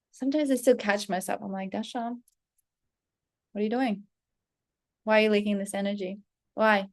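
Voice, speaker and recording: A woman vlogger tells a confessional personal story in a casual, animated way, swearing freely. Her voice sits at a mid pitch and has a steady, gravelly vocal fry. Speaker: self-development vlogger.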